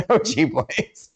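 A man's voice: high-pitched, fairly bright tone, slightly rough. A man from Texas co-hosting a casual podcast chat, chatty and prone to restarts. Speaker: podcast co-host.

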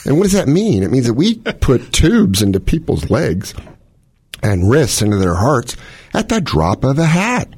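A man's voice: mid-range voice, wildly swooping pitch, a little slow, darkish tone, husky, dry recording, clean studio sound. A middle-aged man, a cardiologist, explaining heart conditions in casual chat with analogies and quoted scenarios. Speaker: cardiologist host.

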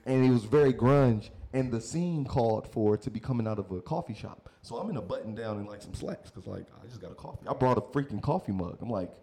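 Mellow-voiced young man telling stories. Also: medium pitch, lively intonation, quick pace, hardly any pauses. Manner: loose, slangy storytelling. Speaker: podcast co-host. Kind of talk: casual storytelling chat.

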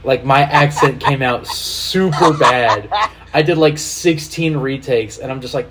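A man hosting a casual podcast chat, animated, swearing freely and laughing while he directs the video playback. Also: mid-range voice, unhurried, heavy background noise. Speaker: podcast host.

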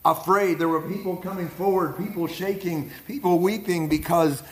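Pittsburgh preacher with a raised voice. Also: male voice, high voice, moderate pace. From Pittsburgh area, Pennsylvania. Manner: energetic, repeats words, checks in with "right?" and "amen?". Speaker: guest preacher. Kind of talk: charismatic preaching to a leadership group. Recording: echoey room with audience responses. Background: audience responses.

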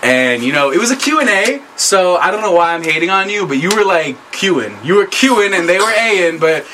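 Young male student host, jokey and rambling, swings his pitch a lot. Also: very animated, normal speed, pushed and bright, a little hiss or hum. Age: young adult. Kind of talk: casual chat.

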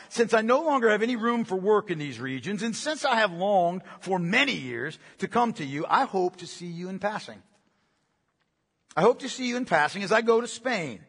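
A man's voice: high-pitched, fairly bright tone, husky, big-room sound. A male pastor preaching a sermon, talking conversationally and often tagging lines with "right?". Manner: conversational, frequent "right?" asides. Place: church sanctuary.

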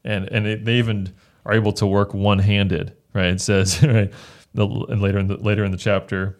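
Male pastor, low voice, earnest scripture chat, reads verses aloud with frequent restarts. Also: flat delivery, brisk. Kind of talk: casual Bible discussion.

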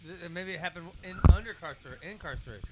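Man, podcast co-host, rapid wisecracks, fairly high pitch, casual chat. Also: lively intonation, very noisy. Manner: quick wisecracking interjections.

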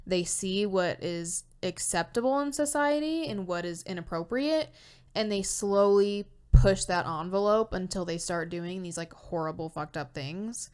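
A woman's voice: fairly low pitch, expressive, unhurried, a little mellow, clear, resonant tone. A young woman co-hosting a true-crime podcast, talking emotionally, swearing and saying "like" constantly. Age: young adult. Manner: emotional, swears, says "like" a lot. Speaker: podcast co-host.

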